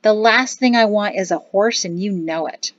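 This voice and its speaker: A man's voice: high voice, normal speed, a bit bright, dry recording. A sarcastic young son sneers back at his father in a firm, slightly raised voice, as a woman reading an audiobook acts him out. The recording is dry and a touch dull.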